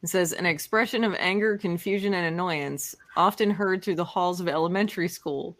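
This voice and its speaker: A woman's voice: on the low side, brisk, fairly bright tone. A woman co-hosting a casual chat, reading viewer comments aloud with amusement.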